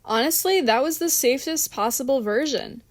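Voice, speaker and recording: A woman's voice: sits high, lively intonation, normal speed, no room sound, pitched above the performer's own voice. A woman voicing a wry, level-headed woman with an amused, dry manner.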